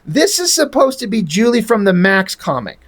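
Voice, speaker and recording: A man's voice: high voice, very animated, moderate pace. A man reviewing a comic book in casual talk, rambling, exasperated and swearing freely.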